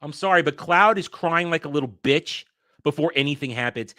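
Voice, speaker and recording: A man hosting a casual news commentary show, brushing off headlines with blunt, profane irritation. His voice sits fairly high and bright, with a forceful edge. The sound is dry and close, with no room in it. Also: animated, brisk, no room sound. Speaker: host of a daily entertainment news commentary show.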